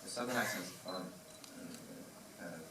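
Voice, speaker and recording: An actor answering an audience question, self-deprecating and laughing. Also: male voice, sits low, fairly quick, recorded from a distance. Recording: echoey cinema with loud noise.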